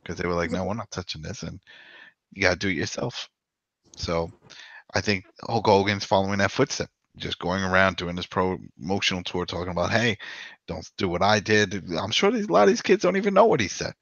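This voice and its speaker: A man co-hosting a podcast in casual discussion, rambling and animated, with frequent "you know". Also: low voice, a little fast, creaky, no room sound. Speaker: podcast co-host. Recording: dull lo-fi dry sound.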